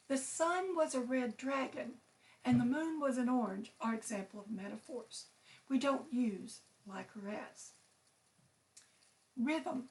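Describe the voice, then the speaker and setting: A woman teacher explains terms to children in a high, patient voice, enunciating every word clearly. She speaks slowly and deliberately. The voice sits a little back from the microphone. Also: a little mellow, recorded from a distance. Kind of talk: children's lesson presenting.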